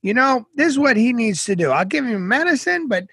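A man's voice: very high voice, big pitch swings, fairly quick, creaky, a bit bright, slightly rough, no room sound, studio quality, pitched above the performer's own voice, heavily acted. A man putting on the voice of a sour-faced older male doctor, stammering and matter-of-fact. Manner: hesitant, stammering delivery.

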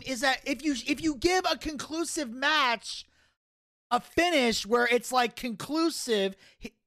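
A man's voice: extremely high pitch, bright, forceful tone. A man co-hosting a casual podcast, ranting heatedly and profanely and arguing through rhetorical questions. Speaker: podcast co-host.

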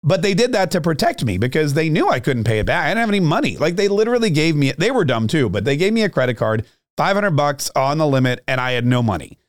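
Ranting sarcastic man, fairly high voice. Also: very animated, fast talker, no room sound, studio quality. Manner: ranting, sarcastic, repeats words. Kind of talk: political commentary monologue.

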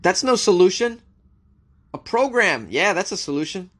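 A man's voice: high-pitched, lively intonation, normal speed, a bit bright. A man hosting a news show, reading stories aloud and cracking wry jokes about them in a casual commentary style. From United States. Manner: wry, joking, talks back to the news he reads.

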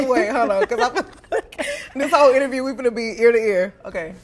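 A woman's voice: on the high side, a little fast. A woman from Houston with a Southern US accent, a guest chatting playfully and confidently, often giggling. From Houston, Texas. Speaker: guest rapper. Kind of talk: casual interview chat.

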